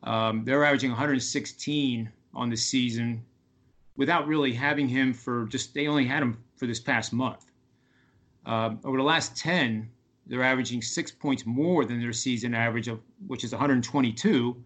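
A man with a mid-range, slightly bright voice appears as a guest sports betting analyst on a radio podcast. His casual radio talk is halting, full of fillers and restarts.

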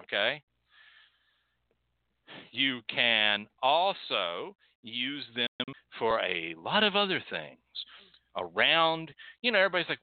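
A man hosting a casual livestream talk, emphatic and animated, with frequent "okay?" asides. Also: mid-range voice, slow, long pauses, no room sound. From Texas. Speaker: host. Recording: tinny phone-like line.

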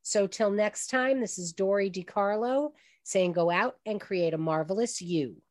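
A woman's voice: medium pitch, measured pace, a little mellow. An older woman hosting an online radio talk show, telling heartfelt personal stories to her guest.

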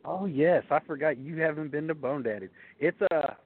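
A man's voice: on the high side, normal speed. A man joining a casual chat as a guest, speaking with enthusiasm and emphasis. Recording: dry tinny phone-like line.

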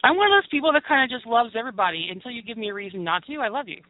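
A woman's voice: fairly high pitch, animated, racing, dry recording. A woman hosting a casual talk show, bubbly and flirty, laughing often. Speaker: podcast host. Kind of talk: casual chat. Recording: dry phone-line sound.

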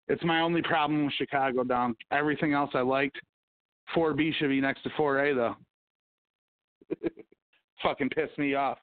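A man hosting a casual podcast, rambling and swearing constantly as he tells stories. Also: medium pitch. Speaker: podcast host. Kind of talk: casual profane chat. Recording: tinny phone-like audio.

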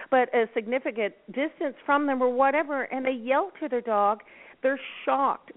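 A woman from Nova Scotia who founded a dog rescue network, calmly giving advice as a guest on a radio talk show. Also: mid-range voice. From Nova Scotia, Canada. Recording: tinny phone line.

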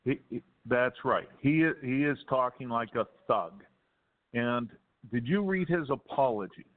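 A male guest calls in to a political talk show and rants heatedly, breaking into laughs. His voice is mid-pitched, and it sounds tinny and narrow, as if heard over a phone. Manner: heated, fast ranting with laughs. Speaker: caller guest.

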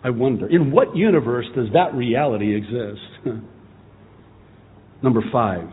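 A middle-aged man preaching a sermon as pastor, impassioned and at times rising to shouting. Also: mid-range voice, very animated, slow, slightly rough. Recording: tinny phone-like sound.

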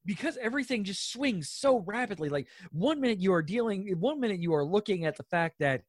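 A woman's voice: mid-range voice, lively intonation, a little fast, no echo. Giggly woman podcaster, dry close mic. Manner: rambling, giggly, lots of "like". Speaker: podcast co-host. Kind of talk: casual chat reviewing a TV episode.

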